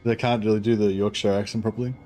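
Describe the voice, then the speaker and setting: Man thinking aloud over his gameplay, offhand, swears, lowish voice, faint music. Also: flat delivery, quick pace, warm tone. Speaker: gaming channel host. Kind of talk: casual gameplay commentary.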